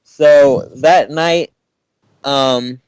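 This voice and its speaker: A man's voice: mid-range voice, fairly even intonation, drawn-out words, darkish tone, clear, resonant tone, no echo, rough recording. A man retelling a story plot in a casual, rambling way, correcting himself as he goes. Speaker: pitching a story idea.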